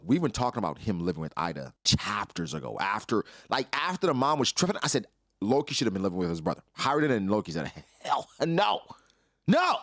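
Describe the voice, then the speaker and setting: A man's voice: mid-range voice, fairly bright tone, dry recording, studio quality. A young man hosting casual commentary, breaking down a comic chapter and acting out character lines in his own voice. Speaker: anime reaction host.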